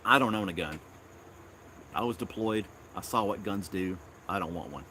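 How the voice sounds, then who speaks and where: A Tennessee man hosts a casual livestream outdoors in his backyard, rambling and chuckling often. His low voice is bright and forceful at a normal speed, with slight background noise.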